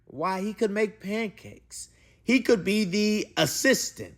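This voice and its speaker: A man narrating a children's picture book aloud. His reading is slow and expressive, with a pitch that bounces up and down. He tosses in playful slang asides between the sentences.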